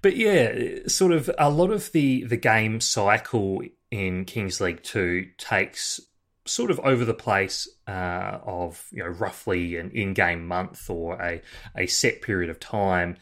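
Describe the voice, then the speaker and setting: Deep-voiced man chatting about games. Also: takes it slowly, a bit bright. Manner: thoughtful, with many fillers and restarts. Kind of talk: casual game discussion.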